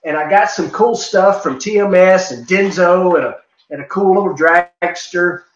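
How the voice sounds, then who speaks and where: A man's voice: high voice, moderate pace. Easygoing male host in an echoey room. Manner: easygoing, rambling. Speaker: show host, racer. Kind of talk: casual interview chat. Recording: dull echoey room sound.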